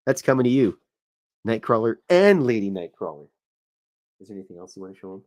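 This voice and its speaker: A man with a lowish voice hosts a casual stream, talking as he sketches. He rambles, jokes at his own expense and keeps up an easygoing, chatty flow. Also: sing-song, fairly quick, darkish tone. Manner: rambling, chatty, self-deprecating. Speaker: show host. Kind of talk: casual livestream chat while drawing.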